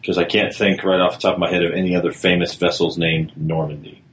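A man's voice: deep voice, little pitch movement, quick pace, fairly bright tone, slight background noise. A man in casual podcast chat, answering quiz questions in a confident, knowledgeable way. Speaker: podcast co-host, quiz contestant.

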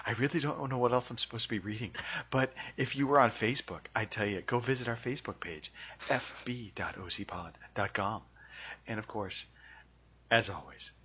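A man's voice: on the low side, sharp tone, husky. A man co-hosting a podcast, chatting casually with dry wisecracks. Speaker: podcast co-host. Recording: dull lo-fi sound.

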